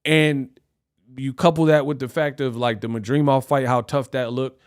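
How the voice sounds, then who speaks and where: A man's voice: mid-range voice, steady tone, moderate pace, smooth. A man hosting a live stream, ranting animatedly in casual talk and laughing often. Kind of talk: casual reaction rant.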